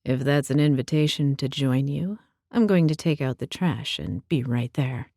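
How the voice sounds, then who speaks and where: A woman voicing a gentle young man who speaks softly and teasingly, in an audiobook. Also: no echo, clean studio sound. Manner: soft, low and slow, teasing. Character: young man, gentle tender vampire-like boyfriend.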